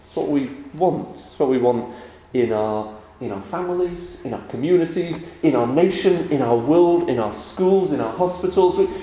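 A man leading a church service, praying and then giving a lively children's talk with questions. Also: fairly high pitch, normal speed, few pauses. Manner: animated with children, rising and warm questions. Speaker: pastor. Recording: echoey church room with faint ambience.

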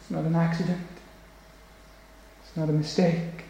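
A male preacher delivering a solemn, emphatic sermon, slowing down on key phrases. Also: on the high side, flat delivery, creaky, dark tone, a little hiss or hum. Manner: solemn, emphatic, slows for weight. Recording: very echoey church hall.

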